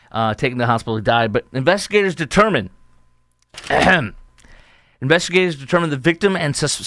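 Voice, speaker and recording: Here a middle-aged man from the Chicago area hosts his podcast, chatting his way through the news as an opinion monologue. His voice is medium-pitched with no room sound, and he tells each story animatedly, performing the quotes as he goes.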